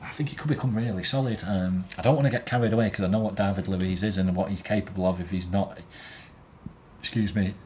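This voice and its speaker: A man's voice: deep voice, steady tone, quick pace, darkish tone, a little hiss or hum. A man, host of a fan show, rating players in a blunt, sweary and opinionated casual chat. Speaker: football fan podcast host.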